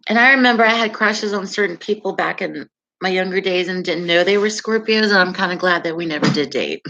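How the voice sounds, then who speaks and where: A woman's voice: medium pitch, a bit bright. A middle-aged woman hosting a casual astrology live stream, chatting with viewers, reacting to their comments and laughing often. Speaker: livestream astrology host.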